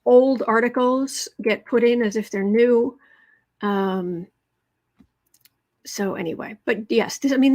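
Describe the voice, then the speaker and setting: A woman with a somewhat high voice runs a live political tarot reading and talks casually with her viewers. She reads their comments aloud, fills gaps with ums and restarts, and hammers points home by saying the same word again and again. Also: a little mellow. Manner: emphatic repetition. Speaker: tarot livestream host.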